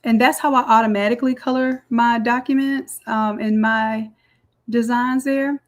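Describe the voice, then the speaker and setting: A woman walking through a design software tutorial step by step in a chatty, explaining way. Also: fairly high pitch, steady tone, moderate pace. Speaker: design instructor. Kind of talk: screen-recorded software tutorial.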